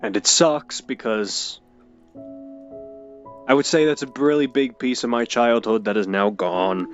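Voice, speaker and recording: A young man telling an emotional personal story, halting and hesitant with many restarts. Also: medium pitch, dull audio, faint music behind. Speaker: video creator.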